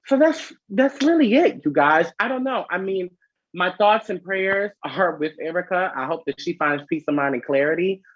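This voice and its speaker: A sassy man dishes gossip in a chatty, animated way as a vlog host. His voice is husky and breathy, sitting in a middling pitch. The sound is dry and slightly dull, like a lo-fi home recording. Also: normal speed, dry recording.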